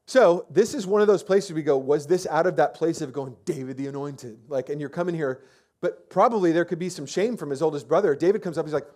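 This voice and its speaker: A man's voice: fairly high pitch, fairly quick, darkish tone. A man preaching a sermon as pastor, telling the story in a casual, chatty way with lots of fillers and restarts. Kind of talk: conversational sermon.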